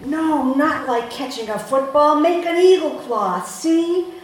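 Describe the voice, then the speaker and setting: A woman voicing a loud, excitable male fishmonger who barks encouragement. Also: sits high, slow pace, pitched above the performer's own voice. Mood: shouting. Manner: barking, shouting encouragement. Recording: roomy, distant mic, faint hum.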